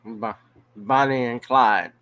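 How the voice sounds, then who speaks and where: A man's voice: mid-range voice, steady tone, fairly bright tone, dry recording. A man from Louisiana, giving blunt, profane casual commentary on a news story. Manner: blunt, profane, drawn-out emphasis.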